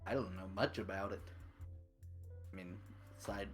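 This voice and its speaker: A woman's voice: a bass voice, fairly even intonation, a little slow, faint music behind. A woman chatting casually in character as a tabletop game player. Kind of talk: casual in-character role-play.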